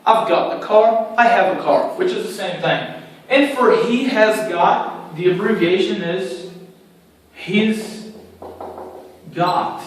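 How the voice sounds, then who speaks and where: A male English teacher giving a whiteboard grammar lesson, explaining slowly and repeating each point step by step. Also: high voice. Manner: slow, repetitive, explaining step by step. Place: room with a writing board. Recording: very echoey room, far from mic, faint noise.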